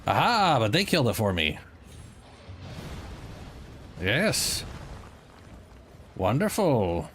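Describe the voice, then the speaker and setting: A man giving casual gameplay commentary, excitable and talking back at the game. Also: mid-range voice, slow pace, pauses often, slight background noise. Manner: excitable, talks to the game, swears. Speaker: gaming streamer.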